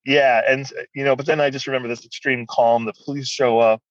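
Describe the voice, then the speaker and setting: A man as a guest, telling a personal story in an animated, rambling way. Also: medium pitch, fairly quick, no room sound, muffled recording.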